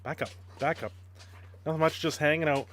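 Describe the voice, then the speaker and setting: A man's voice: a little high, steady tone, normal speed, fairly bright tone. A man casually chatting on a live stream, greeting viewers and playing with his dog, laughing often. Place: home.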